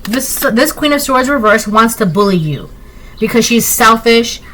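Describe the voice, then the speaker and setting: A woman's voice: on the high side, expressive, moderate pace, a bit bright, slight background noise, rough recording. A woman doing a casual tarot reading, talking emphatically and often tagging lines with "right?". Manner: emphatic, repetitive, rhetorical "right?" asides. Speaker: tarot reader.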